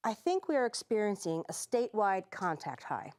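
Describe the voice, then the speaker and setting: A woman's voice: mid-range voice, sing-song, moderate pace, a little mellow, natural voice. A woman playing a matter-of-fact expert in an improv comedy scene.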